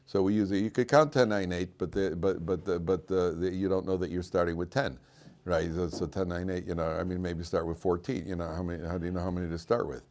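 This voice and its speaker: A man's voice: low voice, fairly even intonation, quick pace, darkish tone. An older man from the United States, a rabbi teaching a casual class to students, telling jokes, with many fillers and restarts as he goes. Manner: rambling, many fillers and restarts, joking storyteller. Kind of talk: informal Torah class with jokes.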